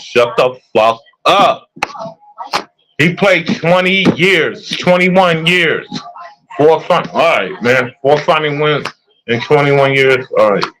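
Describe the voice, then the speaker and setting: A man's voice: on the high side, slow pace, a bit bright, a little hiss or hum, low-quality recording. A young man in a casual, profane sports rant, heated and repetitive. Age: young adult.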